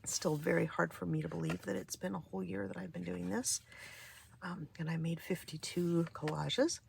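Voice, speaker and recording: A middle-aged woman with a weak, craggy voice, chatting casually and softly, often half-whispering, as she flips through a craft journal at home. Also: fairly low pitch, normal speed, gravelly, slight background noise. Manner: relaxed and meandering, with many fillers and restarts. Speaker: craft vlogger. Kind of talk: casual chat during a journal flip-through.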